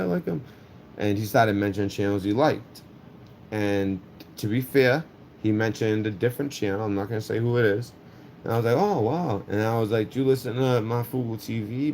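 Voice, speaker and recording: Profane rambling man ranting on his channel. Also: lowish voice. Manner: animated, rambling, profane, restarts a lot. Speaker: YouTube channel host. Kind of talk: casual rant to camera.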